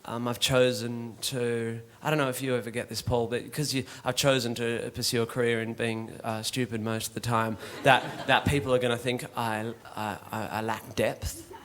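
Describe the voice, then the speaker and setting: A man's voice: medium pitch, flat delivery, moderate pace, few pauses, fairly bright tone. An Australian man on stage, hesitant and mock-earnest, with lots of ums before playing a song. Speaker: musical comedian. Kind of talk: stand-up patter before a song. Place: studio stage with audience. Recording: live show, crowd and music behind.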